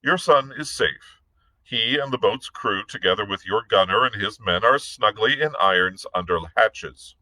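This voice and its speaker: A man's voice: on the low side, moderate pace, pushed and bright, no room sound, poor audio. A man voicing a sardonic, witty Irish pirate captain, speaking in a dry, mocking, self-assured way in a read-aloud story. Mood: coolly menacing.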